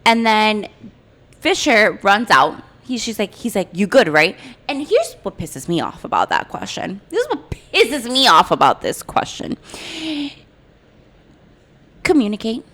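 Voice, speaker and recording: A woman co-hosting a book podcast in casual chat, ranting about the plot and acting out the characters in quick asides. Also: mid-range voice, wildly swooping pitch, fairly bright tone.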